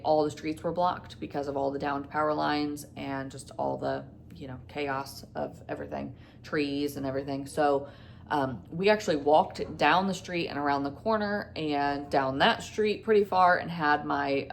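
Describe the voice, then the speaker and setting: A woman's voice: sits low, creaky, slight background noise. A woman vlogger casually retelling a frightening event, rambling and quoting dialogue with lots of fillers. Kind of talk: casual storytime.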